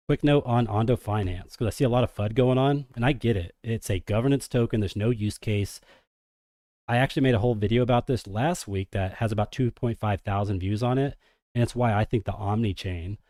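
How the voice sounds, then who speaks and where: In clean studio sound with no room echo, a man with a fairly low voice hosts a casual crypto livestream. He's energetic and hype-driven, calling his viewers degens.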